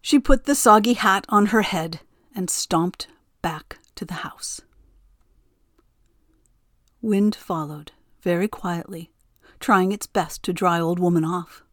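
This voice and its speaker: A woman reads a storybook tale aloud, gentle and expressive in her telling. She takes her time and savors each line, recorded close and dry with no room sound. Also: fairly low pitch, slow pace, long pauses, dry recording. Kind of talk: storybook narration.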